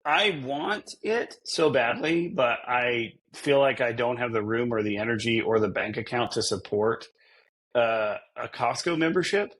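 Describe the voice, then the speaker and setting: A man's voice: mid-range voice, measured pace, a bit bright, slightly rough. A man co-hosting a podcast, chatting casually in a rambling, self-deprecating way and laughing often. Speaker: podcast co-host. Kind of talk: casual chat.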